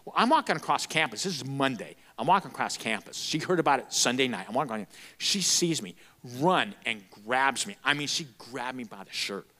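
Animated, bright-voiced male preacher. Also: medium pitch, brisk. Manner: animated and emphatic. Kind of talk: sermon storytelling.

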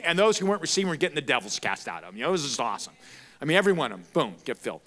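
A man preaching a sermon, telling a story in an animated, emphatic way. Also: a little high, racing.

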